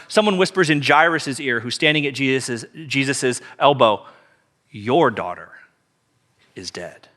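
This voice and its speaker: A man's voice: fairly high pitch, pushed and bright. A man preaching a sermon as pastor, telling the story emphatically and repeating key phrases.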